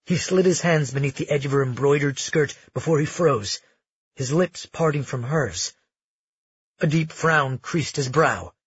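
Husky-voiced male romance narrator. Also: fairly high pitch, unhurried, no room sound, dull audio. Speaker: audiobook narrator.

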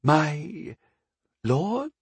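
A man's voice: a little high, big pitch swings, measured pace, slightly rough, no echo, pitched above the performer's own voice, full character voice. A man putting on a stubborn, formal abbess. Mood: flustered. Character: stern middle-aged female abbess, stubborn, formal. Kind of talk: audiobook character voice.

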